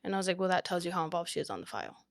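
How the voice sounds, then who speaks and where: A young woman with a somewhat low-pitched voice talks through a long anecdote. She speaks casually and animatedly, quoting other people as she goes. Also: racing, creaky. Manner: animated, quotes people often with "like". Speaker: real estate agent, guest. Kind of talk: casual storytelling chat.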